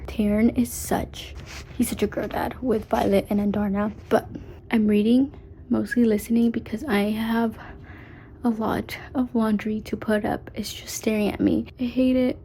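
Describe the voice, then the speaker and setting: A young woman chatting casually in a reading vlog, gushing as a fan and often dropping to a hushed, whispery voice. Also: a little high, slight background noise, low-quality recording. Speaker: book vlogger.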